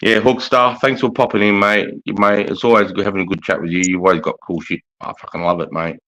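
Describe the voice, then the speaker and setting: A man's voice: sits low, steady tone, fast talker, fairly bright tone, low-quality recording. An Australian man hosting a livestream chat, laid-back, matey and swearing freely. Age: adult with a young son. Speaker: livestream host.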